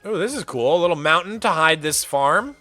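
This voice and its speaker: A high, bright male voice that leaps all over the place as he chats casually with his live audience. He is playful and quick to laugh, and he warmly welcomes viewers by name. Faint music plays softly behind him. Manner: animated, playful, laughs often; soft baby talk to his cat. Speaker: streamer. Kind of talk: casual livestream chat.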